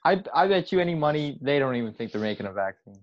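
A man's voice: medium pitch, big pitch swings, fast talker, dry recording, muffled recording. A man co-hosting a casual chat, laughing a lot and throwing in skeptical quips. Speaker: podcast co-host.

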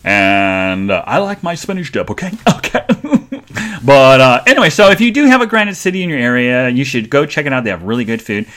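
A man's voice: sing-song, brisk, a bit bright. A man hosting a live show, telling rambling, chatty stories with lots of fillers and restarts. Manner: greets chat viewers in a sing-song high voice. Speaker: podcast host. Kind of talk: live-stream casual chat.

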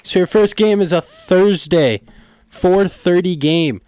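A man's voice: high-pitched, takes it slowly, darkish tone, clean tone, no echo. Upbeat man hosting a podcast. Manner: upbeat, runs the segment, announces matchups. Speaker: podcast host. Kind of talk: casual sports podcast chat.

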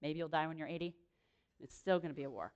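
A young woman speaking to a room, giving a lively, chatty sermon full of quick self-deprecating asides. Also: low-pitched, smooth. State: pregnant. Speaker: speaker at a church or campus gathering. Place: room with an audience.

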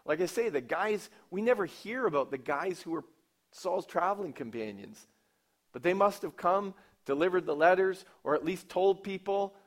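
A man preaching a sermon, asking his listeners questions and acting out quoted lines, with wide swings from loud emphatic lines to low quiet asides. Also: lively intonation, normal speed. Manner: asks the congregation questions and acts out quoted lines. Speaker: pastor.

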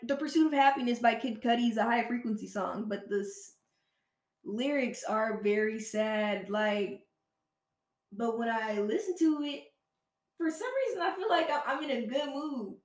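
A woman's voice: on the high side, roomy sound. A woman podcast host chatting casually, rambling and correcting herself, with the odd swear word. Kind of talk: casual solo chat.

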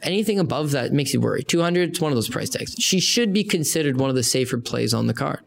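A man who has fought professionally, talking fights and betting picks in casual podcast banter, profane and rambling with animated storytelling. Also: medium pitch, fast, vocal fry. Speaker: MMA analyst and fighter.

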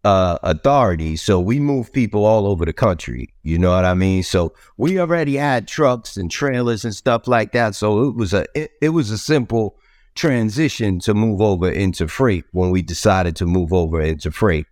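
A man's voice: on the low side, animated, normal speed, darkish tone, no room sound, clean studio sound. A man in his fifties, a trucking company owner, talking casually as an interview guest, rambling and repeating himself with lots of "you know what I mean". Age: 50s.

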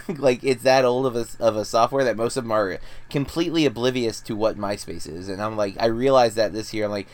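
A man's voice: medium pitch, animated, quick pace. A man in his thirties, a podcast co-host telling rambling, self-deprecating stories in casual chat.

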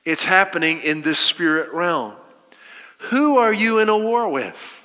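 Male pastor, emphatic sermon delivery, brighter and higher than most men, long hall echo. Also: sing-song, unhurried. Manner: emphatic, rhetorical questions, quoting scripture. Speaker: preacher.

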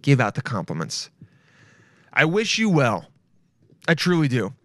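A man's voice: mid-range voice, wildly swooping pitch, measured pace, a bit bright, no room sound. A young man hosting a casual solo podcast, talking in a loose, emphatic way and swearing freely. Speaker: podcast host.

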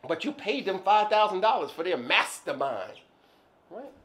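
Animated high-voiced man telling stories. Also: moderate pace. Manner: animated storyteller, acts out scenes. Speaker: podcast co-host. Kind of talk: casual chat.

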